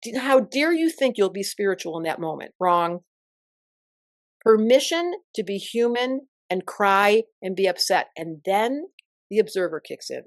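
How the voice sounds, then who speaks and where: An older woman, an astrologer guest in an interview, telling stories in an emphatic, expressive way. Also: mid-range voice, measured pace, no room sound, clean studio sound. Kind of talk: interview conversation.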